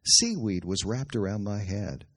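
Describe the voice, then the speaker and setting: A man preaching a sermon, reading a Bible story aloud with animated storytelling and chuckling asides. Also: on the low side, a little slow, husky.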